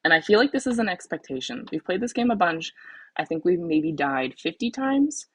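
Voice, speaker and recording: A woman's voice: lowish voice, expressive, moderate pace, breathy edge. A woman with a Southern US accent hosting a casual livestream, chatty and laughing at herself as she talks. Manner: chatty, laughing, self-deprecating. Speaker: host.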